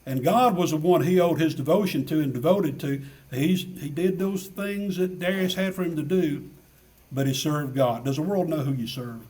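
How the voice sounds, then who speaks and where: A man delivers a sermon in an earnest preaching manner, leaning on rhetorical questions and repeated phrases. His voice sits fairly high for a man. He sounds a little distant from the microphone. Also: moderate pace, a little mellow.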